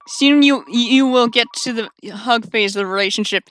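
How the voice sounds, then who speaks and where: A woman's voice: a little high, moderate pace, hardly any pauses, fairly bright tone, slight background noise. A woman streamer reading a dating visual novel aloud, chatty and wry with sarcastic asides.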